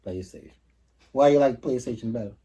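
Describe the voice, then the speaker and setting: A man hosting a casual chat, asking questions, trailing off while he searches for words and laughing loudly. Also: medium pitch, a little fast, husky. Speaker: host. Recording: distant mic with faint noise.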